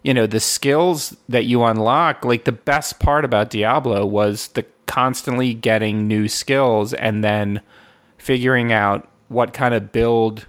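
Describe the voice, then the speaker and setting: A man hosting a podcast in casual chat, rambling and profane, with quick asides. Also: medium pitch, steady tone.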